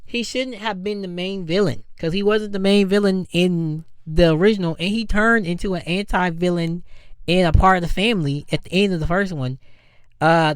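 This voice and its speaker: A podcast reviewer talks through a film in a loose, unscripted ramble, tripping over restarts and repeating points. The tone stays exasperated and incredulous. The voice is smooth and clean, recorded close and dry. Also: medium pitch, dry recording.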